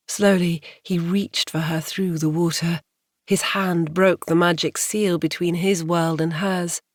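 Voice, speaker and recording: A woman narrating a romance audiobook in a measured, atmospheric way. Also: lowish voice, dry recording, clean studio sound. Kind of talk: scripted narration.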